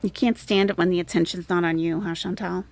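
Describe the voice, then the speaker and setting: A woman's voice: fairly low pitch, steady tone, a little fast, vocal fry, darkish tone. A woman hosting a commentary stream, making dry, mocking asides. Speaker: commentary host. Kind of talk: sarcastic commentary.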